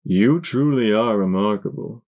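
A man voicing a calm, courteous male pony villain who speaks softly and politely in an audiobook. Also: lowish voice. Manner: soft, polite, measured.

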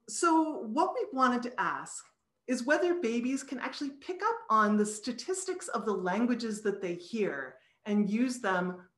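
A woman's voice: mid-range voice, a bit bright, reverberant. A woman, a psychology professor, giving a talk over a video call and explaining ideas patiently, sounding out syllables as examples. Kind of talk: recorded online lecture.

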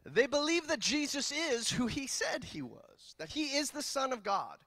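Lively, high-pitched joking pastor. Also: male voice, moderate pace, dry recording. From California. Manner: animated, joking storyteller. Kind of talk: sermon. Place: church.

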